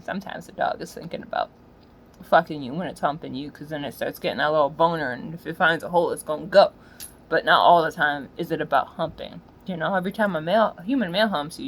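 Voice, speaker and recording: A woman ranting in a profane, slangy monologue, swinging from low muttering to loud yelling. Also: slightly rough, low-quality recording. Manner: swears constantly, slangy. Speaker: solo podcaster.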